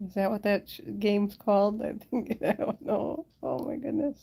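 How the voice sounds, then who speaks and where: A woman's voice: mid-range voice, little pitch movement, normal speed, vocal fry, mellow. A woman chatting casually on a live stream from home, giggling often and talking to her pets and viewers, into a handheld phone held close. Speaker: pet owner hosting a live stream. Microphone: handheld phone camera held close.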